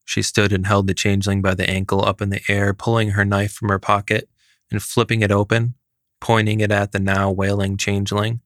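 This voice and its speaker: A man narrates a fairy tale in a steady, even manner. His voice is low. It is recorded dry, with no room sound. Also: brisk, dry recording. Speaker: story reader.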